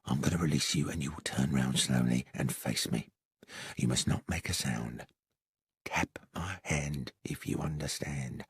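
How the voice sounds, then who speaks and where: An actor playing a male police inspector who speaks in terse, hushed, urgent tones. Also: low voice, expressive, normal speed, slightly rough, no room sound, clean studio sound, exaggerated voice.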